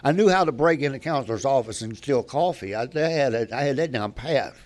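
A man's voice: medium pitch, expressive, a little fast. Older man telling his recovery story. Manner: candid, rambling, with frequent restarts. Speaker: speaker at a recovery meeting.

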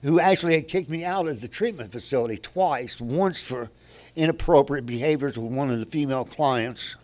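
Older man, recovery story, candid, rambling, many restarts, mid-range pitch. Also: moderate pace, darkish tone. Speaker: speaker at a recovery meeting.

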